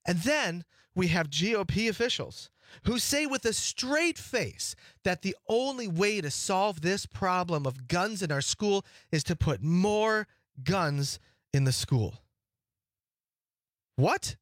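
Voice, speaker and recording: A man in his forties speaking as a parent, halting with restarts at first and building to indignant outrage. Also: sits high, lively intonation, fairly bright tone, no echo, clean studio sound. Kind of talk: impassioned personal testimony.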